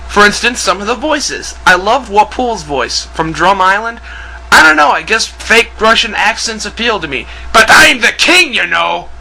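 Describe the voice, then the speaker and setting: Brief: high-voiced man ranting to camera, sharp and strained, sarcastic and foul-mouthed. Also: a little hiss or hum, poor audio. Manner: angry, profane, sarcastic. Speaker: video ranter. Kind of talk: ranting video commentary.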